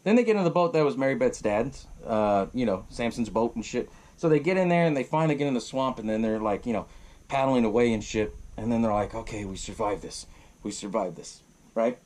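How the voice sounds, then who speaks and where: Talking fast with lively intonation and a slightly mellow mid-range voice, a young man hosts a podcast. He retells a horror movie in a rambling, profane recap, performing the characters' dialogue.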